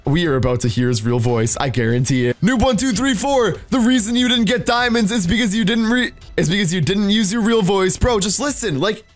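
An excitable male gaming host with a high voice. He talks to viewers in bursts, his pitch leaping up and down. Faint music plays under him. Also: brisk, few pauses. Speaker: Minecraft video host.

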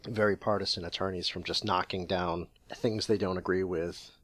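A man's voice: sits low, fairly even intonation, moderate pace, a bit bright. A man from New England co-hosting a podcast, talking in opinionated casual chat and telling stories with acted inner voices. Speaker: podcast co-host.

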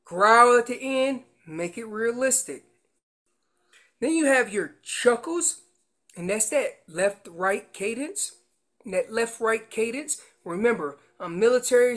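An animated man teaching elk calling as a guest instructor. He explains each call step by step and speaks with emphatic energy, like a hands-on coach. His tone stays practical and instructional. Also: high-pitched. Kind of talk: instructional demonstration.

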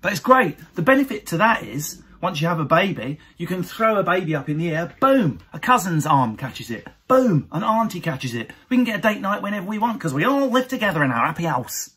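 Stand-up comic from Essex, husky tenor, animated, mimics others in shrill voices. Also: male voice, fast, hardly any pauses. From Essex, England. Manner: animated, jumps into high mocking voices of others. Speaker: stand-up comedian. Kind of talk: stand-up routine recorded to camera.

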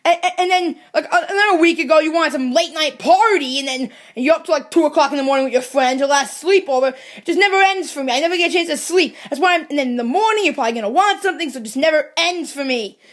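Brief: a woman playing an exasperated mushroom servant, sarcastic and fed up; very high, comedy puppet skit. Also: quick pace, few pauses, lightly acted.

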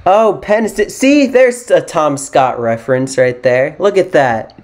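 A man's voice: medium pitch, sing-song, slow pace, darkish tone. A young American man giving casual, self-mocking commentary as he plays a geography guessing game, rambling and thinking aloud. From United States. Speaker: gaming YouTuber.

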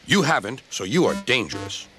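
A man's voice: medium pitch, huge pitch swings, fairly quick, music in the background. A man voicing a large, cross male policeman who blusters and speaks sternly.

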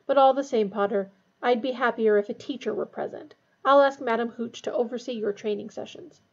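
Strict old professor, read by a woman, clipped, gravelly edge, dull lo-fi sound. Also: a little high, brisk. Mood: serious. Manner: serious, clipped. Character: stern strict older female professor.

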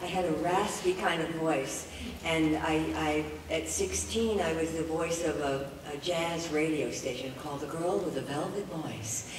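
A woman's voice: low voice, measured pace. An older voice actress chatting on a convention panel, laughing often and restarting her sentences. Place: large convention hall. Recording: echoey hall recording from far off, noisy.

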